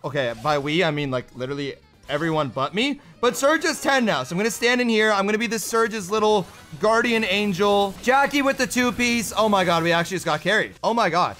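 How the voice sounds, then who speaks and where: A young man commentating his own gameplay, excitable and often pleading or shouting at the action. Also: high-pitched, fast, soft background music. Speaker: gaming YouTuber.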